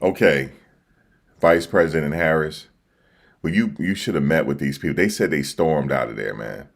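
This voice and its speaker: A man's voice: very deep voice, normal speed. A man with an East Coast accent hosting a casual livestream, reacting to the news in slangy, repetitive chat. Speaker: livestream host reacting to election results. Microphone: desk microphone.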